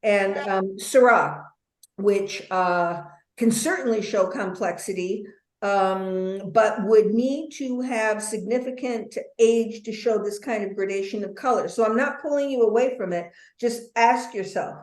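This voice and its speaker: A woman leads a wine tasting lesson over a video call, her voice mid-pitched and chatty. She fills her talk with ums and playful asides. The sound is roomy, with a noticeable echo around her. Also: a little slow. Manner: chatty, warm asides, many fillers.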